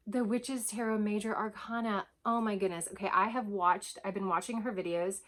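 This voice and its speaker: A woman chatting casually as she unboxes a gift at home, gushing, breathy and often dropping to soft whispers. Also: medium pitch, steady tone, moderate pace, hardly any pauses. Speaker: vlogger unboxing a gift box.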